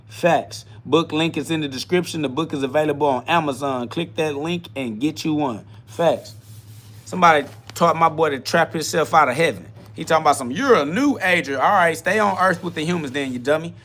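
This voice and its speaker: A man's voice: a little high, fairly bright tone. A man hosting a profane self-talk podcast, ranting bluntly in a combative, taunting way. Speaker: podcast host.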